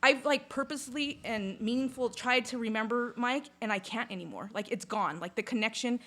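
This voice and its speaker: A woman in casual conversation, telling a personal story in a lively, chatty way, with lots of "like" and some swearing. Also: a little high, a little fast. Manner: chatty, full of "like", swears freely; lively retelling, acts out sounds and inner voices. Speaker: podcast guest.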